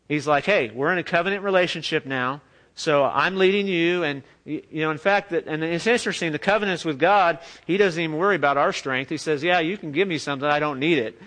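A man's voice: fairly high pitch, fairly bright tone. Conversational man preaching a sermon. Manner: conversational, joking asides with the congregation. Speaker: pastor. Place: church.

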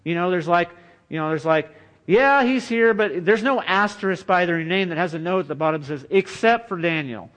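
A man's voice: fairly high pitch, fairly quick, a bit bright. A man preaching a sermon in an earnest, conversational way, often saying "you know" as he goes. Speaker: pastor.

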